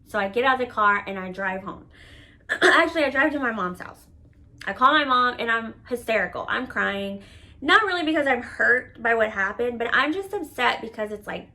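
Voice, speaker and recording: Bright-voiced woman telling a candid story. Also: on the high side, lively intonation, moderate pace. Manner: candid and profane, with many "like" fillers. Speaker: vlogger telling a personal story. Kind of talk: casual storytime monologue.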